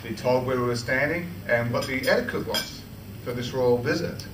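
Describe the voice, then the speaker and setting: At a club meeting, an Australian man with a medium-pitched voice speaks at a moderate pace, telling a funny personal story in a chatty way, often restarting and laughing. Recorded from far off in a roomy hall, the audio carries noise.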